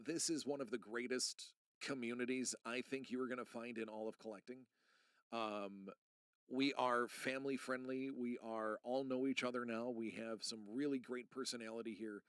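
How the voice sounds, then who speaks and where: A man's voice: medium pitch, steady tone, normal speed, a bit bright, dry recording. A middle-aged man live streaming, chatting casually and earnestly to his viewers in a rambling way. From United States. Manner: rambling and earnest, talking straight to chat.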